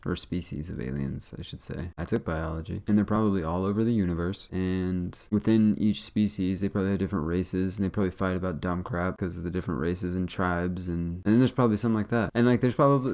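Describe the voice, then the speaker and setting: Deep gravelly fast-talking man. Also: a little mellow. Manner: rambling, jokey, thinks aloud. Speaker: reaction video host. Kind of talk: casual commentary.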